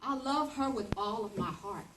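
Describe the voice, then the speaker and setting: A woman in her fifties telling a personal story as a speech, lively and acting out the voices. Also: normal speed, reverberant, background noise. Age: 50s. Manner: animated, acts out voices with big pitch jumps.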